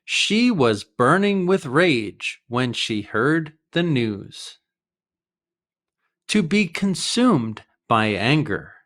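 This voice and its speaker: Slow, lively-voiced teacher. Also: male voice, medium pitch. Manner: slow, careful explanations with example sentences. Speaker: English teacher. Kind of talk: scripted idiom lesson.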